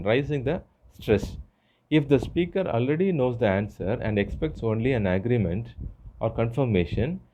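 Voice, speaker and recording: A man teaching an English grammar lesson, explaining step by step with frequent pauses and fillers. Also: medium pitch, dark tone, muffled recording, slight background noise. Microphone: phone screen recorder.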